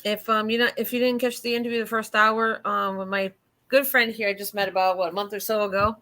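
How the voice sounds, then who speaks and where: A woman's voice: medium pitch, steady tone, quick pace, pushed and bright, a little hiss or hum. A woman hosting a casual livestream panel, rambling with many ums and restarts. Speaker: host.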